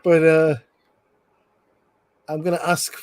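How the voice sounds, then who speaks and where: A man's voice: on the high side, monotone, takes it slowly, a little mellow, smooth, no room sound. A man hosting a casual movie commentary, rambling with restarts and frequent laughs. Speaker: film commentary host.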